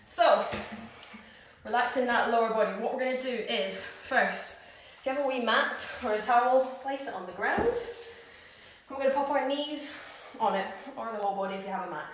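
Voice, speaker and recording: A woman's voice: on the high side, normal speed, slight background noise. A woman fitness coach giving upbeat workout cues and counting down reps, recorded at home. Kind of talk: live workout instruction. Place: home room. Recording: echoey room, far from mic.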